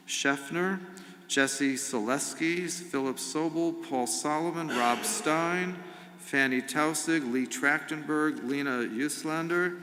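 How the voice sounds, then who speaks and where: A man's voice: fairly high pitch, a bit bright, slight background noise. A middle-aged man, a rabbi giving an informal sermon in a synagogue, speaking conversationally with humor and asides. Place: synagogue sanctuary. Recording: long reverb of a sanctuary.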